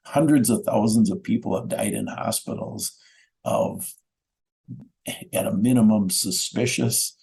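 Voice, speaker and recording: A man's voice: fairly low pitch, gravelly, dark tone, low-quality recording. A middle-aged man speaking as a guest in a radio interview, giving a methodical, earnest account that lists times and doses. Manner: earnest, insistent. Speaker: guest, bereaved father.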